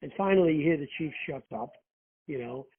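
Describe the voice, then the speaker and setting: A man's voice: a little high, a little fast, breathy edge. A man who was a rescue firefighter, telling profane anecdotes in casual chat and acting out the quotes. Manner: profane, animated storyteller who acts out quotes. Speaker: guest, former rescue firefighter. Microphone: phone. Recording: tinny phone line.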